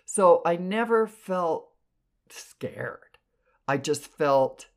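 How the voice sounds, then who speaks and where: A woman clairvoyant telling stories in an animated, expressive way. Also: drawn-out words. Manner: animated, expressive, jumps in pitch for emphasis. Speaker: clairvoyant podcast guest. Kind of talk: casual storytelling.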